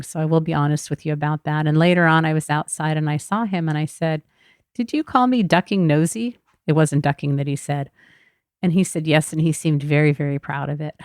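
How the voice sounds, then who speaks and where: A woman's voice: low-pitched, creaky, smooth, dry recording, studio quality. A middle-aged woman hosting a podcast, telling a personal story in a candid, reflective way. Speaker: podcast host.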